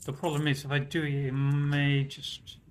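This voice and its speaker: A man's voice: a little high, monotone, moderate pace, a little hiss or hum, poor audio. A man from Britain with a British accent, chatting casually and self-mockingly on a game livestream, swearing now and then. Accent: British English. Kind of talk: casual gaming stream chat.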